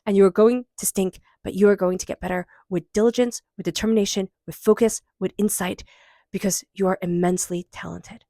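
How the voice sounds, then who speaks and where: A woman's voice: medium pitch, steady tone, brisk, warm tone, dry recording, studio quality. A woman giving an intuitive tarot reading in an emotional, earnest and encouraging way. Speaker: tarot reader.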